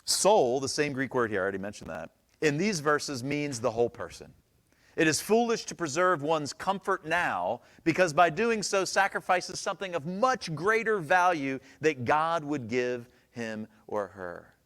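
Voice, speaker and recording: A man's voice: on the high side, animated, moderate pace, a bit bright. A man pastor preaching a sermon in a church, conversational and joking, asking the congregation questions.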